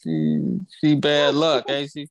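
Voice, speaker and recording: A man's voice: medium pitch, big pitch swings, slow pace. Man making wry remarks. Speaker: podcast co-host. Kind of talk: casual chat.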